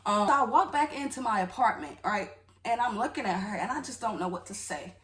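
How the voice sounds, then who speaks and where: A woman's voice: mid-range voice, animated, brisk, a bit bright, far from the mic. A woman telling a personal story in a casual, candid storytime vlog, talking straight to her viewers with emotion. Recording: echoey room, voice off-mic.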